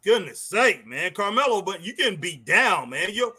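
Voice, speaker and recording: Excitable high-voiced wrestling stream host. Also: male voice, moderate pace, breathy edge. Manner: excitable, laughing, drawling, calls everyone man and boy. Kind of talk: casual live-stream wrestling commentary.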